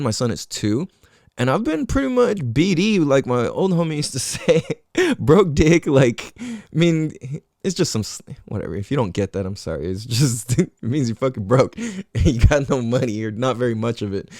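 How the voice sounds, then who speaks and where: A man's voice: mid-range voice, very animated, normal speed, darkish tone, no echo, studio quality. A man hosting a podcast, telling a story casually and swearing a lot. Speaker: podcast host.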